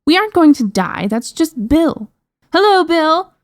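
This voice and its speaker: A woman voicing a bratty, loud young princess who shouts haughtily and demands respect. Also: medium pitch, little pitch movement, moderate pace, close to an everyday voice. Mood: mocking.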